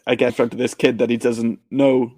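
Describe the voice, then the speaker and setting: A man co-hosting a podcast, casually recapping a film and acting out its scenes in quick voices. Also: medium pitch, level tone, a little mellow. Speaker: podcast co-host. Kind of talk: casual movie recap chat.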